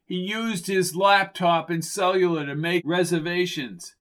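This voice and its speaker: Calm, patient handyman, read by a man; matter-of-fact and reassuring, audiobook. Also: high-pitched, a little slow, voice pushed up.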